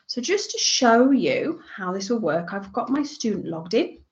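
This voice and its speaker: A woman with an English accent walking teachers through educational software, chatty and relaxed, with frequent ums. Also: a little high, unhurried, lo-fi sound. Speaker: teacher trainer. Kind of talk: software tutorial walkthrough.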